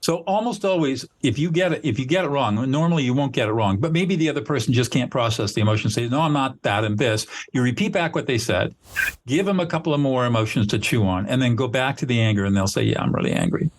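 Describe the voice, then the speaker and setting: A man's voice: medium pitch, animated, quick pace. An older man, a mediator being interviewed, explaining his method in an earnest, instructive way and sometimes acting out sample lines. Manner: earnest, instructive, acts out example dialogue. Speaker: mediator and trainer, guest. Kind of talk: conversational explanation.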